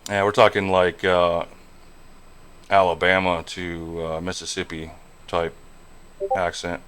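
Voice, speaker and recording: Man, streamer and trucker, casual rambling chat, many fillers, lowish voice. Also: flat delivery, slow, a bit bright, clean tone. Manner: rambling, heavy on fillers and "you know". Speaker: game streamer and truck driver. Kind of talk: casual live-stream chat while gaming.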